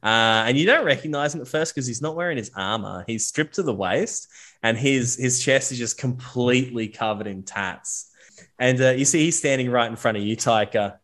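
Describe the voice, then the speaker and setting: A man running a tabletop game, narrating the scene with lots of uhs and restarts. His voice sits at an ordinary middle pitch. Casual and loose in delivery. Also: normal speed, a bit bright. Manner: hesitant, many fillers and restarts. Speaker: game master.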